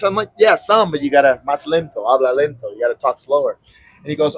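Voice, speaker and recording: A husky-voiced man spins a casual story for a podcast, jumping into the voices of the people he quotes. His voice sits a touch high for a man, and he curses easily as he talks on an outdoor balcony. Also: fast, a bit bright, dry recording. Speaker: podcast co-host.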